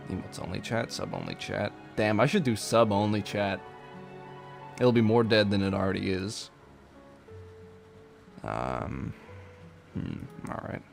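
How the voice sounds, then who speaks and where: A man streaming live from a warm room at home, chatting casually and jokingly with his chat and laughing often. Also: fairly low pitch, lively intonation, a little slow, creaky, pauses often. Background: faint game music.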